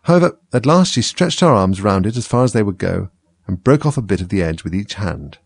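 A man reading a storybook aloud in a measured, expressive way. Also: on the low side, vocal fry, husky, no echo. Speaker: reader.

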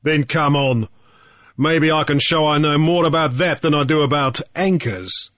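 A man's voice: on the high side, a little slow, fairly bright tone, dry recording, clean studio sound. A man reading the part of a sullen, bullying man at cards, speaking in a curt, pushy way.

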